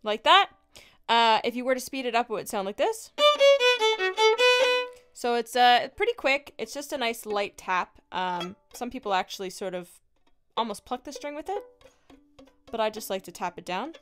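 A woman with a Newfoundland accent teaching a fiddle tune step by step, patient and encouraging, with loud fiddle playing in between. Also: a little high, animated, loud music behind the voice. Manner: encouraging, patient, explains slowly. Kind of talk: friendly step-by-step music tutorial.

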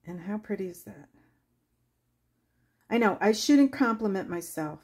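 A woman's voice: mid-range voice, lively intonation, unhurried, darkish tone, breathy edge. A woman hosting a watercolor craft tutorial, chatting casually and laughing as she tells stories while she paints. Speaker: craft channel host.

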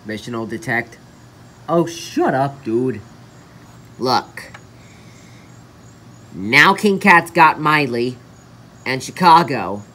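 A woman performing a homemade plush toy adventure, voicing every character herself and jumping between high and low character voices. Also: a bit bright. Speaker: plush toy video maker.

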